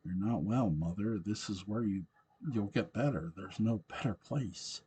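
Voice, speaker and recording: A man voicing a grown son gently reassuring his distressed mother. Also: fairly low pitch, unhurried, a little hiss or hum, lightly acted. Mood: soothing. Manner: calm, reassuring. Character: adult son, soothing and patient.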